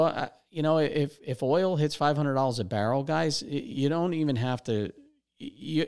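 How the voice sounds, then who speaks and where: Chatty, lower-voiced man hosting a podcast. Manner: conversational, repeats words and restarts, addresses listeners as guys. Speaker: podcast host. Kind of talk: casual financial podcast talk.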